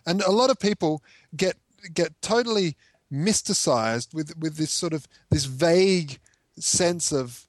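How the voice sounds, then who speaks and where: A man's voice: a little high, lively intonation, measured pace, no echo. A man co-hosting a casual commentary chat, arguing his point with rhetorical questions. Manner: argumentative, fires rhetorical questions. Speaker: co-host.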